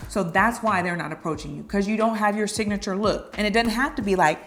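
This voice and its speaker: A woman's voice: medium pitch, fast talker, background noise. Playful chatty woman giving dating advice. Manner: chatty and playful, acting out little flirty quotes. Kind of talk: casual advice talk to camera.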